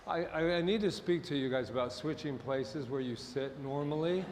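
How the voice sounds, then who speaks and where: A man's voice: a little high, moderate pace. A man serving as minister, talking casually and jokingly to his congregation during a Sunday service. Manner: chatty and joking, rambles off-topic. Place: church sanctuary with a congregation. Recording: reverberant hall, faint background noise.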